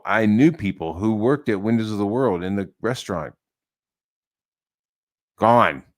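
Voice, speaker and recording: A man delivering a profane, heated rant as an online commentator, swearing freely and mocking his target. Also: on the low side.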